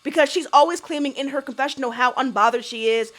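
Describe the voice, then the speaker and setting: Sassy high-voiced woman recapping. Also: fast, fairly bright tone. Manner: blunt, sassy, swears freely, rhetorical questions. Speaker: reality TV recap vlogger. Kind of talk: casual opinionated recap.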